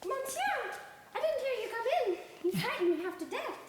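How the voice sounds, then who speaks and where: A woman's voice: extremely high pitch, sing-song, normal speed, noisy background. A woman reading the part of a startled young French maid in a workshop script reading, breathless and flustered. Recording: echoey room from far off.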